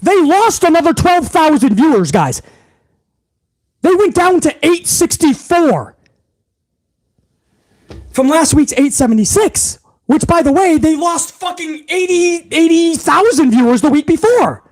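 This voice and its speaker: A man's voice: very high-pitched, animated, unhurried, darkish tone. A man hosting a wrestling vlog, ranting in heated, profane commentary.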